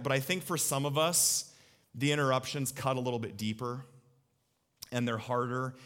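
A man preaching a sermon as pastor, animated and acting out little voices for emphasis. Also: mid-range voice.

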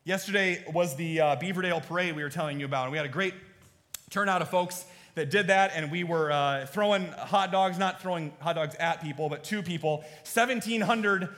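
A man preaching a sermon as pastor, moving between hushed, earnest appeals and lively storytelling. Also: fairly high pitch, a little fast. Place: church sanctuary. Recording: long reverb of a large church hall.

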